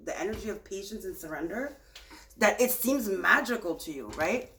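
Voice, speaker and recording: A woman's voice: medium pitch, big pitch swings, normal speed, a bit bright, slight background noise. Woman giving a soothing tarot reading. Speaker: tarot reader.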